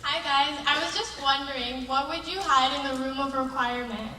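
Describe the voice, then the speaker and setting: A woman's voice: sits high, fairly quick, sharp tone, slight background noise. A woman in the audience eagerly asking the panel a question. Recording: echoey hall from far off.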